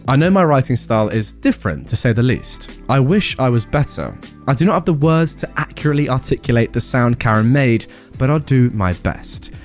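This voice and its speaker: A man's voice: medium pitch, a little mellow. A man narrating a personal story with sarcastic, comic asides.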